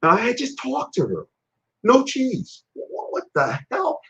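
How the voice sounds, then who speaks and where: A man's voice: very high voice, unhurried. A man hosting a casual live-stream health show, telling blunt, rambling stories. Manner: rambling, animated, blunt storytelling. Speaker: health and fitness show host. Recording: dull lo-fi live-stream audio.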